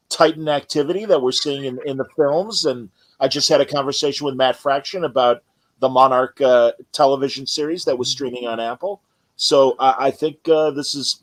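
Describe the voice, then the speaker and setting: A man hosts a casual interview at an average pitch. He asks eager, rambling questions and keeps restarting his sentences. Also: moderate pace, poor audio. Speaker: podcast host.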